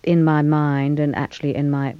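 A woman actress answering interview questions in a thoughtful, measured way, with fillers and small laughs. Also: sits low, little pitch movement, dry recording, dull audio.

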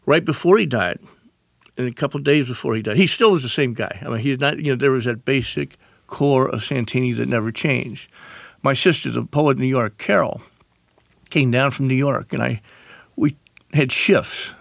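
A man, a radio interview guest telling animated stories and acting out the voices of family members. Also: mid-range voice, normal speed, gravelly, no room sound, clean studio sound. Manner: animated storyteller, acts out quoted voices.

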